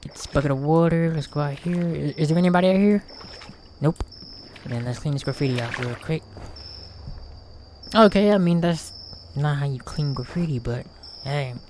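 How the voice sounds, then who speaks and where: A man's voice: a little high, normal speed, pauses often, a little mellow, slight background noise. A man hosting a gaming channel, giving casual, slangy let's play commentary.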